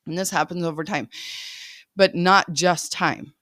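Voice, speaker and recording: A woman's voice: lowish voice, fairly even intonation, a little slow, fairly bright tone, no echo, clean studio sound. A woman podcast host talking casually as a life coach, chatty, often laughing and checking in with listeners.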